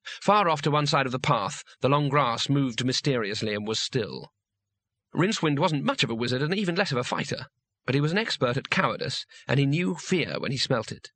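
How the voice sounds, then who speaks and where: A man's voice: mid-range voice, lively intonation, a little fast, a bit bright, dry recording. A man narrating a comic fantasy audiobook in a dry, wry storytelling manner.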